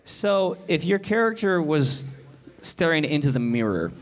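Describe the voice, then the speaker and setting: A man's voice: a little high, very animated, unhurried. A man hosting a casual chat, prompting his guests with playful questions. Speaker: host.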